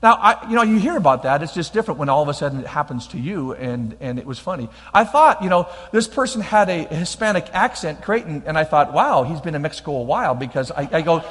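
A man's voice: on the high side, big pitch swings, fast, hardly any pauses, a bit bright. A middle-aged man preaching a sermon, emphatic and repeating his key lines, with frequent restarts as he tells a personal story. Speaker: pastor. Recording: long reverb of a large hall.

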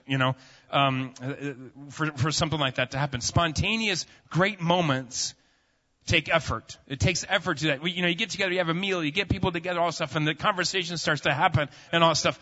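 Pastor guy in his 30s, rambly folksy sermon, bright voice, kinda muffled recording. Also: a little high. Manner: casual, rambling storyteller with many fillers. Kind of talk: sermon with family stories. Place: church sanctuary. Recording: muffled sound with long hall reverb.

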